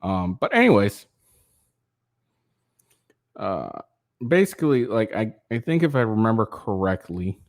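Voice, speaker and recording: A man's voice: fairly low pitch, very animated, a little slow, long pauses, no echo, studio quality. Tired, profane man ranting casually. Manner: rambling, profane, frequent fillers and restarts. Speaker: political commentary channel host. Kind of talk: casual reading of a news article with rants.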